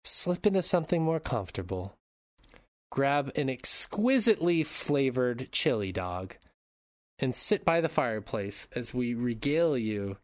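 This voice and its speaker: A man's voice: mid-range voice, no echo, studio quality. A man hosting a casual movie podcast, reading plot summaries and cracking crude jokes. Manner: crude joking, reads plot summaries aloud. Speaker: podcast host. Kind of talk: casual movie recap chat.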